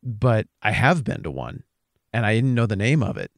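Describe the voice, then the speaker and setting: A man from Wyoming, co-hosting a podcast, talking in an earnest, measured way with a wry edge. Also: on the low side, very animated, gravelly, no room sound, clean studio sound. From Wyoming, USA. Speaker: podcast co-host. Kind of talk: casual conversation.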